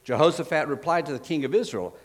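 A man preaching a sermon, retelling scripture stories in a casual, conversational way, pausing with fillers and correcting himself as he finds verses. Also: fairly high pitch, lively intonation, long reverb tail. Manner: frequent fillers and self-corrections while finding verses.

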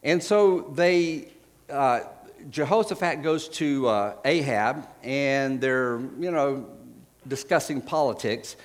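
A man preaching in a relaxed, conversational manner, retelling scripture stories in plain everyday words. He stops often to hunt for a verse, backs up, and corrects himself. His voice sits at a middle pitch. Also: slow, long reverb tail. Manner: conversational storytelling, retelling scripture in casual paraphrase; frequent fillers and self-corrections while finding verses. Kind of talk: sermon.

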